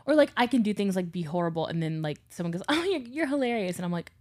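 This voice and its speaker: A young woman with a somewhat low voice co-hosts a casual podcast. She tells stories with lots of energy, puts on voices for the people she quotes, and swears freely. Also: lively intonation, racing, dark tone. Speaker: podcast co-host. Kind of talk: casual chat.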